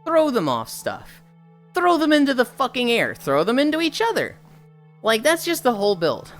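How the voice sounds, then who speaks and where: Animated, swearing young woman streamer. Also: on the high side, normal speed, soft background music. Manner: animated, profane, storytelling. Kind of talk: casual chat with viewers.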